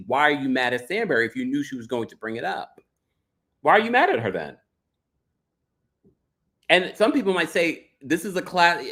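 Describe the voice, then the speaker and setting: Host, male, chatty recap, lively swooping pitch, plays the cast in quick bits. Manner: animated, dramatic impressions of cast members. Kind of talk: casual recap chat reading super chats.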